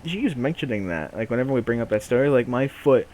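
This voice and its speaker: A young man casually telling a funny story on a podcast, in an animated way with lots of laughing and fillers. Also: medium pitch, very fast. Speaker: podcast co-host.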